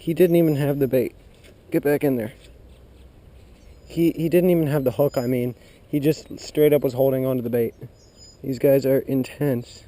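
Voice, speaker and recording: An excitable man narrating his own fishing trip outdoors, talking to viewers and cheering at every bite. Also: mid-range voice, normal speed, pauses often. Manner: excitable, gasps and cheers at bites. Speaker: fishing vlogger. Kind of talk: excited outdoor vlog commentary. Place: outdoors by a pool of water.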